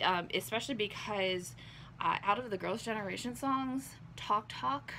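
A woman's voice: mid-range voice, creaky, pushed and bright, a little hiss or hum. A young woman vlogger losing her voice, chatting casually through an unboxing, rambling with lots of ums and likes.

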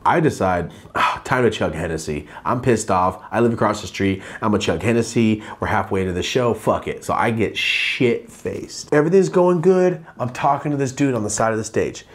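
A man telling a story on his vlog in a casual, profane and animated way, jumping in pitch when he acts out what people said. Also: normal speed, hardly any pauses. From Los Angeles, living there now.

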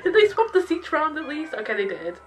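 A young woman hosting a reaction video, chatting excitably, laughing often and using slang. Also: sits high, fast talker, a little hiss or hum, poor audio. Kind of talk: casual reaction commentary.

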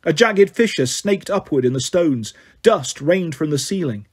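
A man narrating a fantasy novel aloud as an audiobook reader, in a steady storytelling manner. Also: on the high side, measured pace, breathy edge. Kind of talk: audiobook reading.

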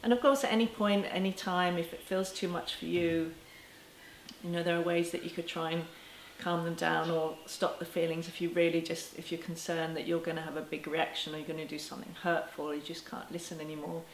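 A woman with a fairly low voice speaks gently and reassuringly, as if teaching parents straight to camera. The room around her is echoey, and a faint ambient hum sits under her voice. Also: flat delivery, brisk. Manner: gentle and reassuring, with soft laughs. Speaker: parenting educator. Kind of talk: talking to camera.

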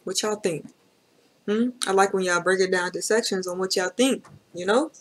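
A woman's voice: mid-range voice, normal speed. A woman hosting a reaction video, talking casually and chattily with slang and lots of fillers.

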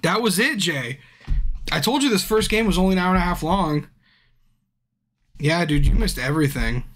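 A man's voice: sits high, expressive, moderate pace, fairly bright tone. A drunk man streaming a game, chatting casually with his viewers by name, frustrated and swearing a lot. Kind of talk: casual live-stream chat.

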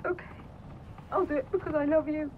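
A frightened woman in labour, as an actress plays her, clinging and tearful, her voice high. She comes through a muffled phone line with a soft hiss. She sounds alone and desperate for reassurance. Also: steady tone, brisk, lightly acted. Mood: distraught. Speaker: caller from hospital.

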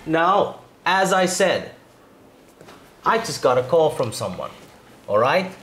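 Guy doing a salesy talent agent, smooth and placating, higher voice, roomy with slight hiss. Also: sing-song, takes it slowly, fairly bright tone, full character voice. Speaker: actor in a short film scene. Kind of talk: acting-class film scene.

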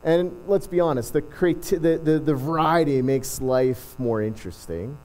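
A man's voice: a little high, normal speed, a little mellow, low-quality recording. A middle-aged male pastor giving a casual, self-deprecating sermon, often restarting his sentences. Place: church.

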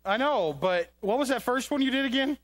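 A man runs a comedic children's skit on a church stage, speaking into a handheld microphone. His voice sits high, and he keeps scolding and coaxing a playful puppet dog, sounding exasperated. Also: expressive, fairly quick, noisy background. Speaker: children's ministry presenter.

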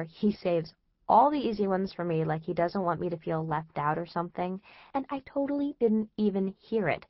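A woman's voice: lowish voice, no echo, highs cut off. A woman narrating a first-person teen diary in a chatty, anxious, exasperated way. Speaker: audiobook narrator.

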